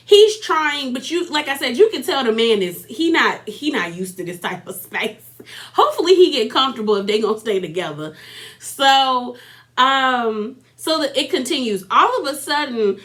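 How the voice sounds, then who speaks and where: A woman's voice: high-pitched, fairly bright tone. A woman recapping a reality TV episode in a sassy, chatty way, laughing often and throwing in mocking asides. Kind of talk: casual recap commentary.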